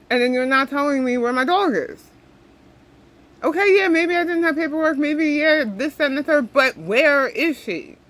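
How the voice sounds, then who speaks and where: Upset young woman venting, bright voice. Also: a little high, poor audio. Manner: upset, rambling, repeats herself. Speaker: vlogger. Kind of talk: emotional venting to camera.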